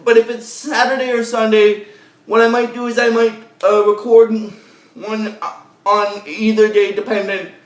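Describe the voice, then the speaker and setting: High-voiced young man rambling through a recap. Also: flat delivery, moderate pace. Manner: rambling, heavy on fillers and repeated sign-offs. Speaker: video host. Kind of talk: casual episode recap. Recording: roomy echo.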